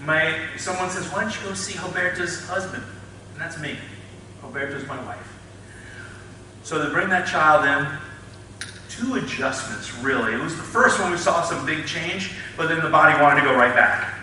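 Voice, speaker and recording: A middle-aged chiropractor gives a talk, telling an audience stories about his patients, acting out scenes with lively animation and laughing often. His voice is on the high side and his speed normal. He's off mic in an echoey hall, sounding distant, with faint noise.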